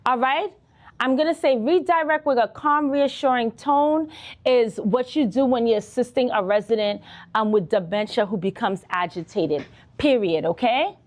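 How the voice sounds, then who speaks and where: A woman's voice: a little high, normal speed. A woman nursing instructor teaching a live online exam-prep lesson, talking straight to her students and often checking in with "okay?". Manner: animated, talks to students directly, frequent "okay?" checks.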